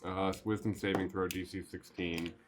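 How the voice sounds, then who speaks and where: A man playing in a tabletop game, relaxed and agreeable, calling out his rolls. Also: sits low, normal speed, noisy background. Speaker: player. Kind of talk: casual tabletop play.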